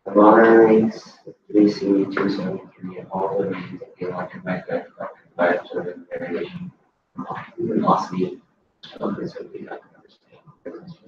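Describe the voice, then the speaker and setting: A male student with a low voice reasons aloud through a vocabulary question, unsure of himself. He is far from the mic in a very echoey classroom, with dull sound and clear background noise. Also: steady tone, moderate pace. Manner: thinking out loud, uncertain.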